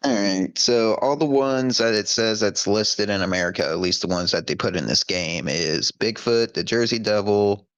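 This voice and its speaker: A man's voice: on the low side, moderate pace, hardly any pauses, fairly bright tone, smooth, no echo. A man co-hosting a casual podcast on a headset, laid-back and rambling, full of fillers. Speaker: podcast co-host. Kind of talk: casual chat.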